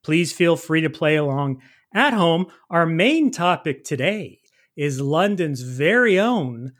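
High-voiced, jokey male podcast quizmaster. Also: slow pace. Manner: playful, jokey, animated. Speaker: quizmaster host. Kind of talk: casual comedy podcast hosting.

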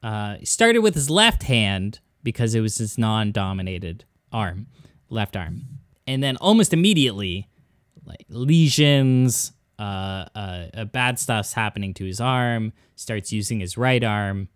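A man's voice: lowish voice, animated, measured pace, dry recording, studio quality. A man hosting a comedic history podcast, telling the story in a rambling way with many fillers. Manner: rambling, filler-heavy storytelling, says "exactly" and "correct" a lot. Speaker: podcast host.

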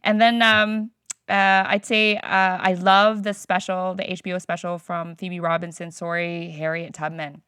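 A woman comedian, a guest, chatting casually and animatedly in an interview, laughing and tossing off quick asides. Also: lowish voice, flat delivery, pushed and bright, clear, resonant tone, no echo, studio quality.

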